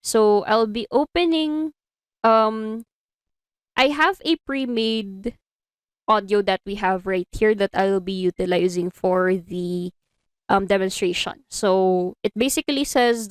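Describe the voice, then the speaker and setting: Speaking a little slowly in a clean, medium-pitched voice, a Filipino-accented animation instructor lectures her online class step by step, slipping Tagalog phrases into her English. Her computer mic on the video call captures no room sound.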